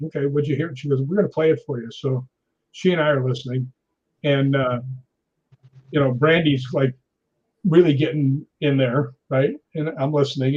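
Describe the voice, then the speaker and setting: A middle-aged man recounting a story for an interview, voicing the people in it as he goes. His voice is slightly high and husky. The audio is dull and lo-fi. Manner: animated anecdote teller, acts out quotes. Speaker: stunt performer guest.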